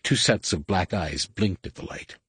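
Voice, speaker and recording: Deep, husky male narrator. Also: normal speed, a bit bright, no room sound. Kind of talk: audiobook narration.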